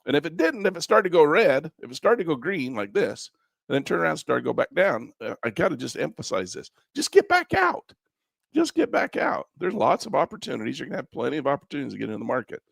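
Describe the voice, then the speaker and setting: A man's voice: fairly high pitch, expressive, fast talker, gravelly, no echo, clean studio sound. A man teaching a live online trading class, coaching in a folksy, repetitive way and chuckling now and then. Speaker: trading instructor.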